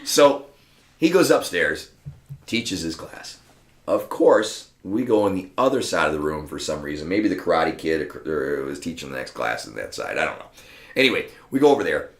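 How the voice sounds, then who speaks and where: A low-voiced man spins casual stories as a podcast guest, cursing freely and acting out the people in them. His voice rings around an echoey room. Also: normal speed, creaky. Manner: profane, animated, acts out other people's lines. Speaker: podcast guest, martial arts school owner. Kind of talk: casual anecdotal storytelling. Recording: roomy echo.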